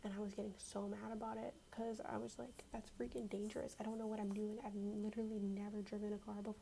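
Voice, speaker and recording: A young woman telling a story in a soft-spoken ASMR style, casual and slangy, often slipping into a whisper. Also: mid-range voice, flat delivery, fast talker, creaky, a little hiss or hum, low-quality recording.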